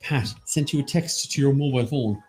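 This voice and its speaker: A man's voice: medium pitch, fairly quick, darkish tone, soft background music. A man with an Irish accent co-hosting a casual online quiz, teasing his partner and announcing upcoming events. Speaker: quiz co-host. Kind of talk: casual banter on a live online quiz stream.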